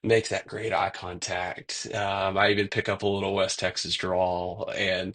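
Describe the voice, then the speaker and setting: A man's voice: sits low, flat delivery, unhurried, a bit bright. A man in his forties, a conflict expert, talking casually in an interview and chuckling now and then. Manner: gravelly, husky voice, chuckles as he talks. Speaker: conflict resolution expert guest.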